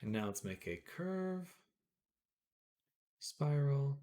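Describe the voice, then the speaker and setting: A man's voice: medium pitch, big pitch swings, slow, mellow. Chatty male streamer, rambling. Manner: rambling, chatty, lots of fillers; answers chat comments. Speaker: live streamer. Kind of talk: casual live-stream chat while drawing.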